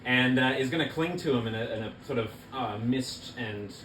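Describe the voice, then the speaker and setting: Game master, halting with fillers, mid-low voice, echoey room, noisy background. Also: fairly bright tone. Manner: halting, many fillers while describing. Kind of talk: narrating a tabletop game.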